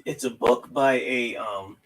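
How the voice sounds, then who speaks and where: A hoarse man with a worn-out voice hosting a casual livestream, rambling with lots of restarts and fillers. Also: mid-range voice, unhurried, fairly bright tone, slight background noise. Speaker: livestream host. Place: at home, room with bookshelves.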